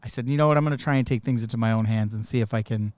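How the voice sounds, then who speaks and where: A man's voice: mid-range voice, rapid-fire, a little mellow, no echo. A man co-hosting a casual podcast chat, speaking earnestly and asking short follow-up questions. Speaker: podcast co-host.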